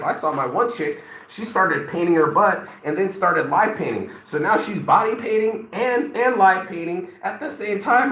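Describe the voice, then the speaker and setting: A man's voice: on the high side, expressive, unhurried, fairly bright tone, reverberant, rough recording. Rambling, profane motivational man in his forties. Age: 40s. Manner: rambling, profane, many fillers. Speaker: motivational vlogger. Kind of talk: casual motivational monologue.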